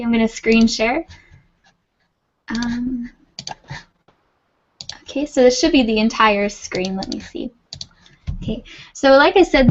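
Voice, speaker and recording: A woman's voice: fairly high pitch, lo-fi sound, a little hiss or hum. A woman teaching an English class over a video call, patient and reassuring. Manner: patient, reassuring, laughs often. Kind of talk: online class, friendly explaining.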